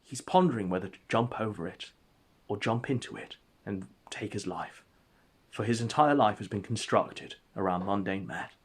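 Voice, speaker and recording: A man narrating an absurd comic story in a deadpan, mock-epic way. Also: on the low side, moderate pace, slightly rough. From England.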